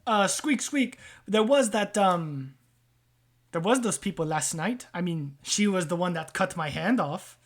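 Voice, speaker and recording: A man doing a squeaky, twitchy sewer dweller. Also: lively intonation, exaggerated voice. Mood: chattering. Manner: high, loud, rapid babble.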